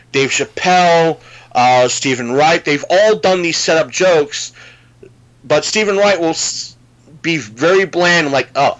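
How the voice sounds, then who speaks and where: A man's voice: fairly high pitch, a bit bright, dull audio. A man in a casual podcast chat, retelling a comedy bit in a rambling way, full of fillers and restarts.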